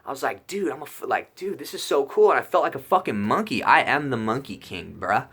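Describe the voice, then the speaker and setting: A young man telling a rambling personal story in a casual vlog, excitable and full of swearing and fillers. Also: medium pitch, a little fast, slightly rough. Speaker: YouTuber telling a trip story.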